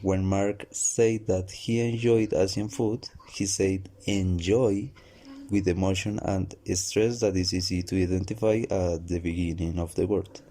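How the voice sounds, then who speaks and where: A man with Spanish as his first language giving a class presentation in a slow, measured way with pauses. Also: deep voice, level tone, mellow. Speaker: student presenter.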